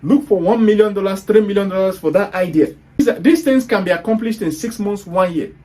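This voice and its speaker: A Nigerian-accented man talks straight at his listeners in a fairly high voice. He lectures bluntly, firing off rhetorical questions and scolding them for their excuses. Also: fairly quick, mellow. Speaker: online business speaker. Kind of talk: motivational talk to viewers.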